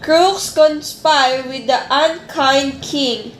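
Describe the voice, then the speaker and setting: Woman teacher, high voice, classroom lesson, echoey room. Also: a little hiss or hum. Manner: deliberate, explaining step by step with restarts. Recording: echoey room with faint ambience.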